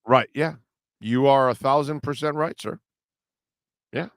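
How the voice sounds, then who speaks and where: A man's voice: mid-range voice, measured pace, dry recording, studio quality. A man hosting a sports talk show, talking casually and animatedly, often restarting his sentences. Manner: animated, laughing, rambling with restarts. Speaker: sports radio host.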